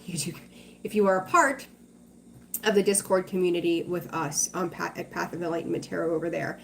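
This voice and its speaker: A woman's voice: lowish voice, a little hiss or hum. A woman hosting a tarot livestream, chatting casually with viewers, reassuring them and greeting them by name.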